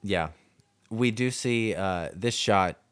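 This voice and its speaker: A man's voice: on the low side, takes it slowly, smooth, no room sound. A man co-hosting a podcast, talking through a film casually with many fillers and restarts. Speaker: podcast co-host.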